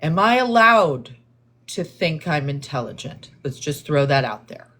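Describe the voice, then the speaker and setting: A livestream host with a low-pitched voice answers her chat in a slow, measured way. She's calm, deliberate and explanatory, almost like a therapist, and she mentions that viewers hear her tone as condescending.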